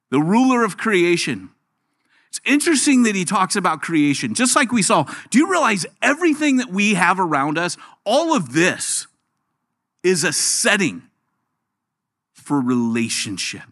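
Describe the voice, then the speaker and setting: A middle-aged male pastor delivering a sermon in a fairly high voice. His pitch leaps up and down as he preaches, sinking low and quiet for quoted lines.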